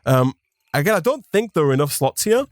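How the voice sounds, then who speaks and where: A man's voice: a little high, very animated, brisk, dry recording. A man co-hosting a gaming stream, explaining mechanics in casual chat with a dry, teasing wit. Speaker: co-host of a gaming channel.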